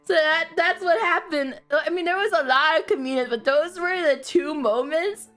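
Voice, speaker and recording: A woman live streamer telling stories in casual chat, often breaking into giggles and filling pauses with "like" and "um.". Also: high voice, a bit bright, faint music behind. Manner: giggly, bursts into laughter, many fillers.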